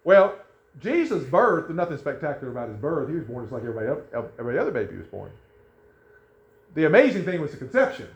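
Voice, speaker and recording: A man's voice: a little high, very animated, fast. A man preaching a sermon in a conversational way, often restarting his sentences. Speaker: pastor. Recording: echoey room, dull lo-fi sound.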